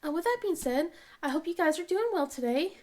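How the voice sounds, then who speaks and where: A woman's voice: very high-pitched, lively intonation, a little fast, a little mellow. A woman hosting a craft channel in a casual rambling chat, sounding congested. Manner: rambling, many fillers and restarts.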